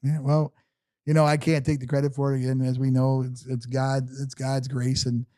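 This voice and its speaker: Halting middle-aged man telling a story. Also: medium pitch, flat delivery, mellow, no room sound. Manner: halting, repeats words, many "you know"s. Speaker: guest. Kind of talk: personal storytelling interview.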